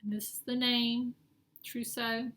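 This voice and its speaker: Middle-aged woman, chatty show-and-tell vlogger, bright and fairly high voice, echoey room with faint hiss. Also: level tone, takes it slowly. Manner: chatty, rambling, self-correcting. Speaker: cross-stitch vlogger. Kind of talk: casual show-and-tell chat.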